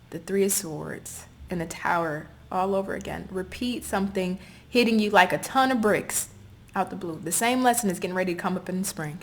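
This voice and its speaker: Woman tarot reader, earnest and blunt, mid-pitched voice, speaking directly to the viewer. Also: a bit bright.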